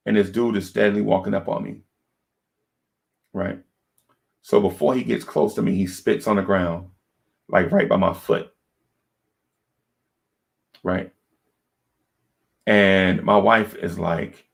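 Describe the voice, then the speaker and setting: A man with a low, gravelly voice telling a personal story on a podcast. He talks casually and keeps checking in with his listeners as he goes. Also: steady tone, unhurried, pauses often. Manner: conversational, checks in with "right?". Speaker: podcast co-host.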